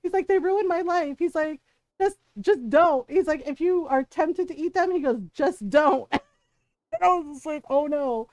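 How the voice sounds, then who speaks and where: Very high-voiced woman telling a story. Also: moderate pace, dry recording. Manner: animated storytelling, acts out quotes, laughs often. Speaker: streamer. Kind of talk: casual chat while gaming.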